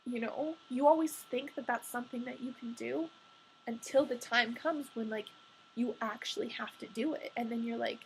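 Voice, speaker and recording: A woman's voice: fairly high pitch, normal speed, gravelly, a little hiss or hum, low-quality recording. A young adult woman telling a personal story in a candid, confessional way, chatty and full of "like" fillers.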